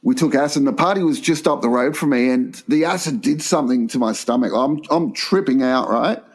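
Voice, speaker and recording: A man's voice: mid-range voice, a little fast. A man co-hosting a crude comedy podcast, telling rambling stories. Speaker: podcast co-host. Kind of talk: casual comedy chat.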